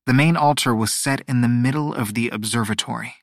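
This medium-pitched man reads a fantasy audiobook fairly quickly, scripted and even, with a descriptive storytelling style. The recording is clean studio sound with no room sound.

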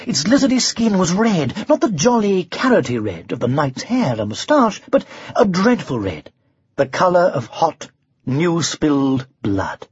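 A narrator reading a storybook aloud in an expressive way with varied pacing. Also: mid-range voice, measured pace, husky, no echo. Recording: dull lo-fi recording.

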